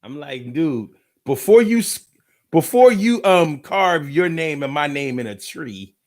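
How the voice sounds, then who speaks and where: A man chatting casually on a live stream, telling stories in an animated, slangy way, repeating his phrases and reading out viewer comments. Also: fairly high pitch, a little slow.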